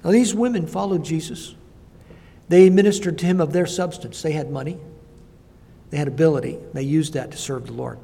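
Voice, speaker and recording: An older man delivers a sermon as a missionary preacher, his voice husky and mellow yet fairly high for a man. He tells stories in a halting, reflective way, and a long hall reverb trails each phrase.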